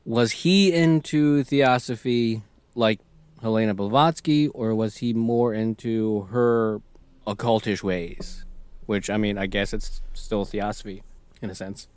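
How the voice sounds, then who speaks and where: A man's voice: fairly low pitch, measured pace, a little mellow, smooth, dry recording. A man in his thirties co-hosting a podcast, talking in a laid-back way and chuckling often. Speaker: podcast co-host. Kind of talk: casual chat.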